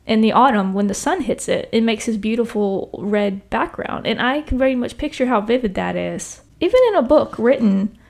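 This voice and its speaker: A young woman chatting about a book in a rambling, tangent-filled way, often turning to the viewer with little asides. Her voice sits a little high and swings up and down expressively as she talks. She records from a small bedroom. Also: vocal fry, darkish tone. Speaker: book channel host. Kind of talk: casual book talk to camera.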